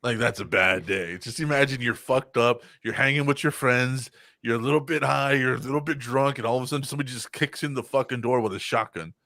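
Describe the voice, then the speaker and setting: A man's voice: medium pitch, quick pace, vocal fry, dry recording. Profane storytelling man, dry mic. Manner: profane, animated, acts out voices in anecdotes. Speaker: podcast co-host. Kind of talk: casual storytelling chat.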